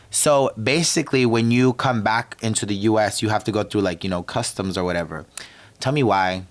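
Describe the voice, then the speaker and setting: A man's voice: medium pitch, fairly bright tone, a little hiss or hum. Sassy, profane young man ranting. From DMV area, US. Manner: sassy, profane, tangent-prone storytelling. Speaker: podcast host. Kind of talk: profane comedic rant.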